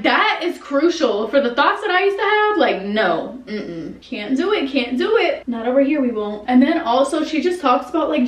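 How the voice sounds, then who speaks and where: Young female vlogger, chatty and animated, bright-ish voice, roomy echo, camera a bit far off. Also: a little high. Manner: chatty, animated, talks to herself. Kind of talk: casual vlog chat to camera. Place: home. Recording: echoey room, camera at a distance.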